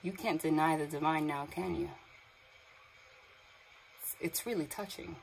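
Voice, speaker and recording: Young female tarot reader, slightly low voice, awed and emotional, reads the cards aloud over a faint water sound machine. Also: measured pace, gravelly, slight background noise, rough recording. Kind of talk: tarot card reading.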